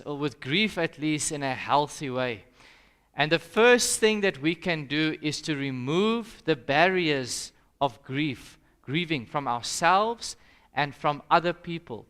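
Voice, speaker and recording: A man's voice: a little high, fairly bright tone. A young South African man, a pastor, leading an interactive Sabbath school lesson and putting questions to the audience in a conversational way. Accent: South African English.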